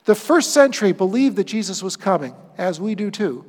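A man preaching a sermon as pastor, with dynamic delivery that swings from loud emphasis to hushed asides. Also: high voice, animated, a little fast, long reverb tail.

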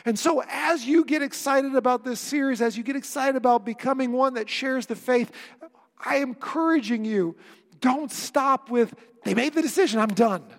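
A man's voice: extremely high pitch, moderate pace. A male pastor preaching a sermon, earnest and emphatic, with wry asides to the congregation. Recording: long reverb of a church hall.

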